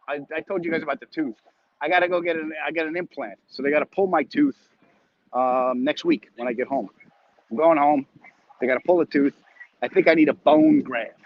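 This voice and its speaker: A man's voice: mid-range voice, no echo, muffled recording. A comedian chatting casually with viewers and reading their comments as he walks home, a bit winded, talking into a phone. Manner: rambling, joking, chatty. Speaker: comedian hosting a weekly live chat. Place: outdoors, walking home.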